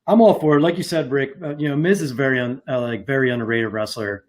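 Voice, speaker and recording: A man in casual podcast chat, talking at an ordinary middle pitch. He rambles along with lots of "like" and "you know", restarting his sentences as he goes. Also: fast talker. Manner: rambling, many fillers and restarts. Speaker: podcast co-host.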